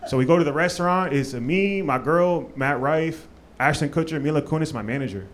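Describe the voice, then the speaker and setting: A man's voice: fairly high pitch, a little fast, a little hiss or hum. A man from Maryland doing a stand-up comedy set on a club stage, loose and profane with lots of fillers. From Maryland, USA.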